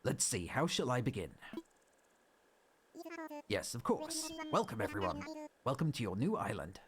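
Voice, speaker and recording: A man voicing a genial older male raccoon businessman in a video game, in a low, hushed, measured voice. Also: huge pitch swings, a crowd in the background. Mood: genial, businesslike.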